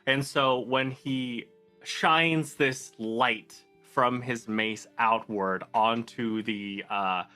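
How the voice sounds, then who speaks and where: A man playing a tabletop game speaks very slowly, feeling his way through each idea with filler words. His voice has a bright, forceful edge. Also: medium pitch, steady tone, faint music behind. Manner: hesitant and thoughtful, many fillers. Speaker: player. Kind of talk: casual tabletop game play.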